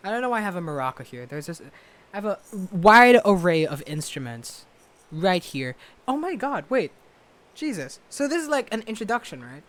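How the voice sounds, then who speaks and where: A young man vlogging casually from his bedroom to a laptop camera, rambling loudly and poking fun at himself. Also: a little high, slight background noise. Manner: rambling, self-mocking, loud. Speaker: vlogger and musician. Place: bedroom at home. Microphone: webcam or laptop camera.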